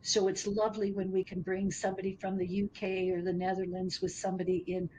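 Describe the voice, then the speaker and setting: Guest woman founder, careful and searching, faint rumble in the background. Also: monotone, fast, dark tone, poor audio. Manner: thoughtful, searches for words. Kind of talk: interview answers.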